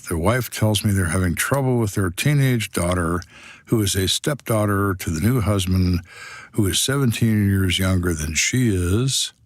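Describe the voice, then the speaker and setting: On a podcast, a man in his 60s who used to be a detective shares stories with a dry, blunt, wry delivery. He has a deep voice, and the recording carries no echo.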